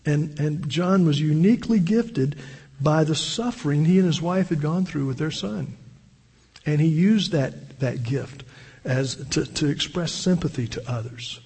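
A man's voice: a little high, measured pace, dark tone, breathy edge, in a large hall. An older man preaching a sermon as pastor, earnest and storytelling, often restarting his sentences.

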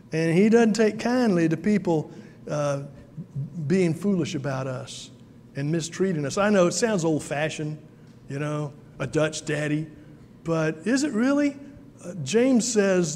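High-voiced preacher. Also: male voice, animated, takes it slowly, pauses often, a little mellow, in a large hall, a little hiss or hum. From South Carolina. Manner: folksy storytelling with many fillers. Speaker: pastor. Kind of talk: sermon.

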